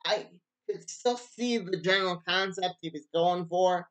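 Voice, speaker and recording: A man's voice: sits high, measured pace, fairly bright tone. A man giving a casual solo book review, rambling and stop-start with frequent restarts.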